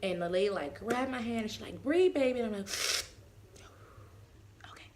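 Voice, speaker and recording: A young woman vlogger telling a casual, animated story and acting out the quotes. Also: mid-range voice, slow pace, slight background noise. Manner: animated, acts out quotes with voice swings.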